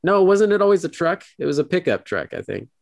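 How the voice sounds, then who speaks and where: A man co-hosting a podcast, recapping an episode in a rambling casual way and acting out quoted lines in high voices. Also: big pitch swings, quick pace, creaky, no echo. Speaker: podcast co-host.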